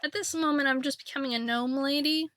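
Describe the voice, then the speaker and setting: A woman's voice: high-pitched, a little fast, fairly bright tone, no echo. A woman streaming a game, chatting in a rambling, playful way with lots of fillers. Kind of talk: casual chat while streaming a game.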